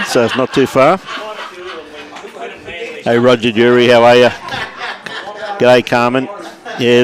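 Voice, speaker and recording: Chatty Australian bowls commentator man. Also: medium pitch. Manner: chatty, greets viewers by name. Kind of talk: live sports commentary. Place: indoors at a bowls club.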